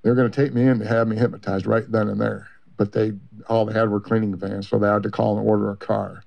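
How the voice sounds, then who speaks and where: A man giving a long, rambling personal account in an interview, halting with many fillers and restarts. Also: fairly low pitch, little pitch movement, gravelly. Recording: muffled lo-fi recording.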